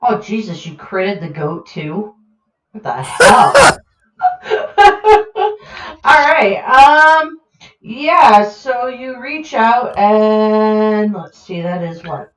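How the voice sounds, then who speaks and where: Woman, game master, tabletop game narration, slow, hesitant, gory detail, roomy muffled sound. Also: mid-range voice, expressive. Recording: roomy, muffled home recording.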